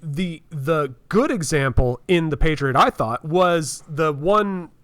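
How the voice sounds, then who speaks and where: Casting: male podcast co-host, slightly high voice, dry close sound, earnest and agreeable. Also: expressive, a bit bright, no echo. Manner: earnest, quick to agree, acts out character lines. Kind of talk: casual podcast chat.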